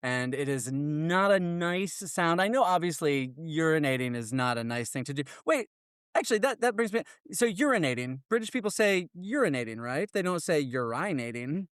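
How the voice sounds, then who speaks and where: A man's voice: on the high side, expressive, moderate pace, a bit bright, clean tone, no room sound, studio quality. An American man co-hosting a podcast, playful and mock-formal as he argues his case. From United States. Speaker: podcast co-host. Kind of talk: casual podcast chat.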